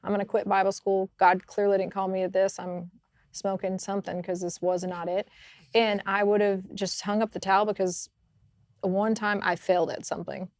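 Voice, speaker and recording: Woman, podcast co-host, casual faith chat, animated storytelling, dry close sound. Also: mid-range voice, moderate pace, no room sound. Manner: animated storytelling, laughs often.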